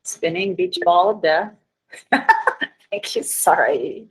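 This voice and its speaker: A woman's voice: fairly low pitch, big pitch swings, drawn-out words, pauses often, breathy edge, low-quality recording. A woman chemistry teacher giving a class lecture, chatty and self-deprecating, getting flustered by tech trouble.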